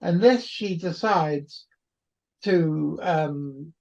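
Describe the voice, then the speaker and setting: A man's voice: fairly high pitch, extremely slow, creaky, a little mellow. A man, hosting a podcast and telling a story in a rambling, wry manner. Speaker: podcast host. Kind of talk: storytelling monologue. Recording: dull lo-fi recording.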